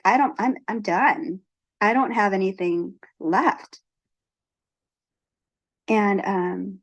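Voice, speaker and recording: A woman tells a personal spiritual testimony in a halting, earnest way, often restarting her sentences. Her voice sits at an ordinary middle pitch for a woman. She is heard over a video call. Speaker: retreat guest speaker.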